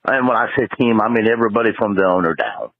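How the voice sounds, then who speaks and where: A man calling in to a sports show, telling an animated, ranting story that jumps up in pitch when he stresses a point. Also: quick pace, creaky, dry recording. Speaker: caller. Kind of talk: phoned-in rant. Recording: tinny phone line.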